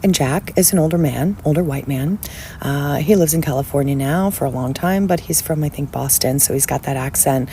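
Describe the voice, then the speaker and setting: A woman's voice: deep voice, brisk, warm tone, slight background noise, low-quality recording. A woman telling a story in a casual rant, blunt, angry and profane.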